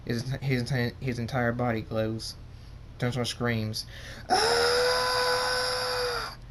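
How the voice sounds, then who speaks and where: A man's voice: lowish voice, noisy background. Man reading a fan story, stumbling. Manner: halting, stumbling and self-correcting. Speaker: narrator.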